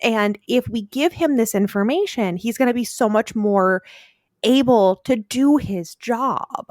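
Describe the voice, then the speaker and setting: A woman's voice: on the high side, a little slow, a little mellow, no echo, clean studio sound. A woman co-hosting a podcast, chatting casually and playfully with lots of "like" fillers as she recaps a TV episode. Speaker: podcast co-host.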